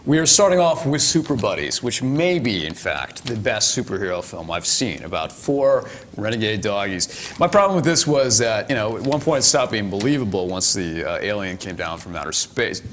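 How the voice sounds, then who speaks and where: A man's voice: fairly low pitch, animated, moderate pace, hardly any pauses, a bit bright, a little hiss or hum. A man hosting a casual panel chat about nerd news, rambling along with many fillers and restarts. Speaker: host.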